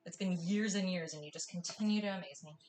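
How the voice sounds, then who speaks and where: A woman's voice: on the low side, fast talker, noisy background. A young woman hosting a live cooking class, chatting with her viewers in an effusive, gushing way. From US Northwest. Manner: bubbly and effusive, gushing often.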